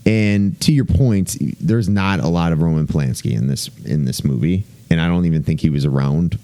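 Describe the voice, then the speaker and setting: Man, podcast co-host, deep voice, dark mellow tone, blunt, offhand. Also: normal speed. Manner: blunt, offhand, swears freely. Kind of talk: casual chat.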